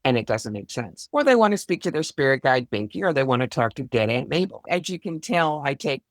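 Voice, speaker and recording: A woman's voice: rumbling low, very animated, fairly quick, dry recording, clean studio sound. A woman being interviewed as a psychic guest, speaking bluntly with wry, self-deprecating humor. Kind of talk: conversational interview.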